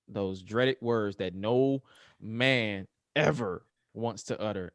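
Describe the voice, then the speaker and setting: A man giving an animated casual recap of a match, acting out the scenes he describes. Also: lowish voice, slow, no room sound, studio quality. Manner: acts out scenes with exaggerated quoted voices. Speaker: wrestling show co-host.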